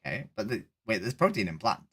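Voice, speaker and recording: A woman's voice: rumbling low, big pitch swings, fast, a bit bright, husky. A woman streamer, debating strangers on a video chat in a casual, probing way. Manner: argumentative, probing questions, says "right?" a lot.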